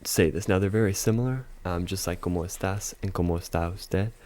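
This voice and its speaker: Low, mellow-voiced man teaching a lesson. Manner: explains step by step, repeats phrases slowly, fillers like "you know". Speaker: language teacher. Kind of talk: casual video lesson.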